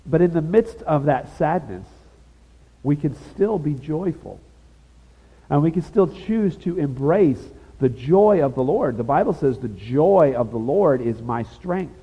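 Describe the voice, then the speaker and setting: Man, sermon, conversational and emphatic preaching, husky voice, dull lo-fi sound. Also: a little high, expressive, a little slow. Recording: dull lo-fi sound with long reverb.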